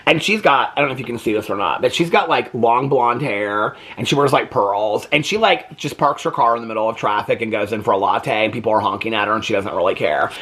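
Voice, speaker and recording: A man casually reviewing graphic novels on his book vlog, animated, laughing often and using lots of filler words. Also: on the low side, quick pace, few pauses, breathy edge. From United States.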